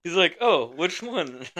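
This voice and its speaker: A man's voice: on the high side, takes it slowly. A young man co-hosting a podcast, telling a story in a casual, profane, laughing way. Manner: swearing, laughing storyteller, animated. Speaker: podcast co-host. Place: studio.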